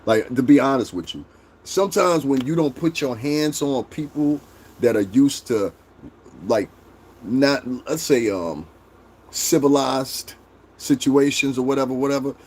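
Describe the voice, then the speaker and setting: A man's voice: mid-range voice, expressive, normal speed, a little mellow. A man hosting a livestream, ranting bluntly and profanely and roasting his chat. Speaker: livestream host. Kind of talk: casual livestream rant.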